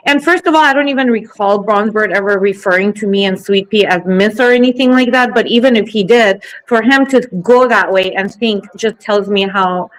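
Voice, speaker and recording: A woman's voice: medium pitch, low-quality recording. Indignant, swearing woman on a panel. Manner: heated, swears a lot, indignant. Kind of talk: casual chat.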